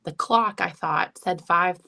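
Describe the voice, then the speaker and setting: A woman with a low, gravelly voice sits as an interview guest and tells a personal story. She is a psychic medium who speaks earnestly and with feeling, often acting out her own past thoughts. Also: takes it slowly, bright, forceful tone. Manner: earnest and emotional, retelling with self-quotes.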